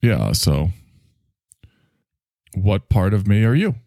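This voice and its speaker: A man's voice: lowish voice, big pitch swings, slow, darkish tone, no echo, clean studio sound. A man hosting a solo comedic monologue, rambling in a wry, self-mocking way. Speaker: host.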